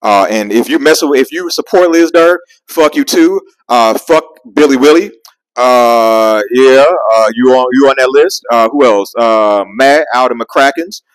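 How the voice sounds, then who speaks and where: A man telling a profane, animated story on his vlog, full of call-outs and shout-outs, recorded close on a dry mic. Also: medium pitch, a little slow, clear, resonant tone, no room sound, low-quality recording. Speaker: vlogger and comedian.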